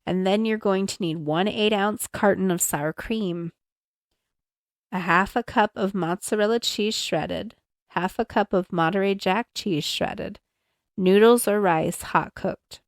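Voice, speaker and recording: Young female home podcaster, self-conscious and chatty, unhurried delivery, dry handheld mic sound. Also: mid-range voice, dry recording. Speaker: podcast host. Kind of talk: casual recipe reading. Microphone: handheld mic, moved around.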